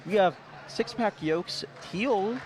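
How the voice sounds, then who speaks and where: A man co-commentating a live esports tournament, giving steady analysis and building up hype for the match. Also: high-pitched, takes it slowly. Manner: steady analysis that rises to big hype calls. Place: tournament venue. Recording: noisy live event feed.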